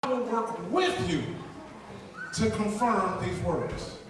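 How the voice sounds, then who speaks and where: A man preaching fervently in short lines, pausing so an interpreter can translate. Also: high-pitched, distant mic, noisy background. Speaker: guest preacher. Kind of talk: sermon with interpreter. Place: large church hall with congregation. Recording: echoey hall, voice from off-mic, crowd behind.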